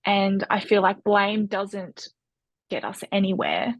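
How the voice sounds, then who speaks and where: Husky woman, dry close sound. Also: mid-range voice, fairly even intonation, no echo. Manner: thoughtful, measured questioning. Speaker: podcast host. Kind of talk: interview questions.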